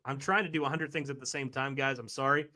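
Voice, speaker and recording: A man hosting a live reaction stream, excited and rambling, apologizing as he juggles things. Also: medium pitch, fast talker. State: recovering from a week of sickness, coughing.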